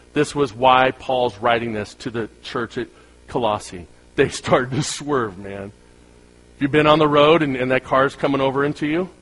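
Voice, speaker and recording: A man's voice: mid-range voice, fairly bright tone, rough recording. A man preaching a sermon to a congregation in a conversational way, with humorous asides and rhetorical questions to the crowd. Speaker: pastor.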